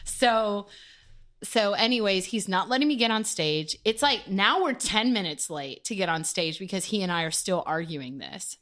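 A woman musician telling a story as a podcast guest, animated and full of swearing. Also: mid-range voice, normal speed. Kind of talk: casual storytelling interview.

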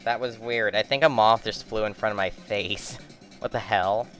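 A man's voice: lowish voice, fairly even intonation, normal speed, a bit bright, faint music behind. A young man giving rambling, joking gameplay commentary, swearing at the bosses as he plays. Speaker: let's play commentator.

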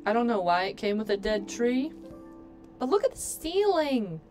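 A woman's voice: fairly high pitch, sing-song, moderate pace, darkish tone, soft background music. A woman streaming a game, chatting playfully to her viewers as she plays. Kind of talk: casual gameplay commentary.

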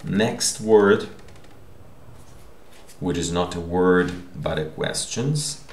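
A man teaching a language lesson, repeating words slowly and checking in with the listener. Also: low-pitched. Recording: echoey room.

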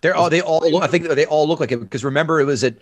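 A man on a podcast panel, chatting about a film with quick, joking banter. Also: fairly high pitch. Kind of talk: casual film discussion.

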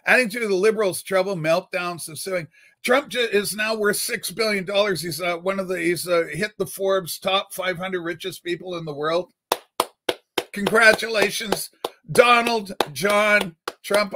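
A man's voice: sits high, unhurried, pushed and bright, slight background noise. A man hosting a casual livestream, rambling and reading viewer comments aloud with playful, theatrical outbursts. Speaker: livestream host.

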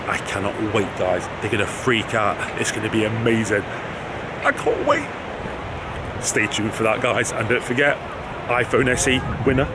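A man's voice: lowish voice, heavy background noise. A man filming a casual family vlog outdoors at a caravan park, teasing and laughing a lot. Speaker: vlogger, dad.

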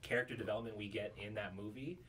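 Brief: joking male co-host, lower-pitched, off-mic in a casual chat. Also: fairly even intonation, quick pace, a bit bright. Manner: self-mocking, joking, swears casually. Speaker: podcast co-host. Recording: distant mic with faint noise.

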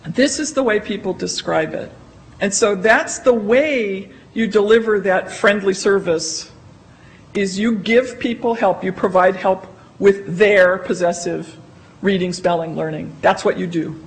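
A woman's voice: medium pitch, unhurried, slight background noise, low-quality recording. A woman library consultant giving a conference presentation in a conversational, emphatic way, often acting out quoted remarks.

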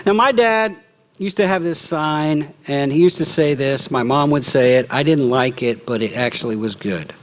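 A middle-aged man preaching a sermon as lead pastor, lively, often acting out quoted remarks. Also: a little high, normal speed. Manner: animated, acts out quoted speech. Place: church.

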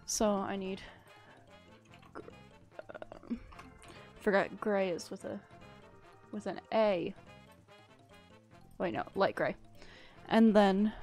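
A woman's voice: mid-range voice, fairly even intonation, slow, pauses often, darkish tone, faint music behind. A young woman live-streaming a building game, chatting casually and thanking viewers in a gushing, rambling way. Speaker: livestreamer.

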